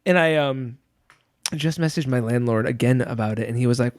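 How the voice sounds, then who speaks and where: Fairly quick and mid-range, this young podcast host's voice comes through at studio quality with no room sound. He tells stories in casual chat, animated and rambling, leaning heavily on filler words.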